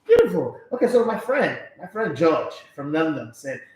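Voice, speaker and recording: A Nigerian man with a high voice hosts a sports live stream, joking and chatting freely with viewers. His voice bounces around an echoey indoor room. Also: sing-song, normal speed, a little mellow. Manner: playful, jokey, talkative. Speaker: sports show host. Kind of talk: casual live-stream chat reading viewer comments.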